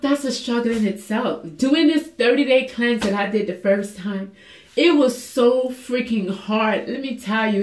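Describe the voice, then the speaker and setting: A woman talking candidly and emotionally in a personal fitness vlog, earnest and confessional, with many fillers. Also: medium pitch. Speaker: fitness vlogger. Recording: echoey room.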